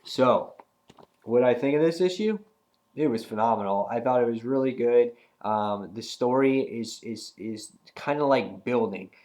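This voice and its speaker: A young man with a cold, reviewing a comic book in a rambling, slangy, excitable way. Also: mid-range voice, a little slow. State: has a cold. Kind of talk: casual video review.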